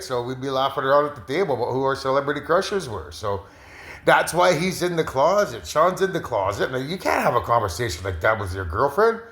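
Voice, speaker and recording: A man's voice: medium pitch, sing-song, moderate pace, a bit bright. A man rambling through a casual monologue, repeating himself and restarting his sentences. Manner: repetitive, full of restarts and fillers. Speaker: vlogger interpreting a viewer's video. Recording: roomy echo.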